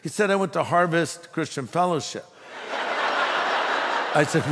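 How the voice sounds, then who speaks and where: A man's voice: fairly high pitch, unhurried, very noisy. A man preaching a sermon as pastor, emphatic and telling a humorous story to make his points. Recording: long hall reverb.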